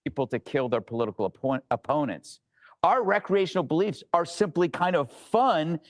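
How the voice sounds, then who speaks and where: A man delivering wry, joking political commentary in a quick patter. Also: fairly high pitch, expressive, no echo. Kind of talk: opinion commentary.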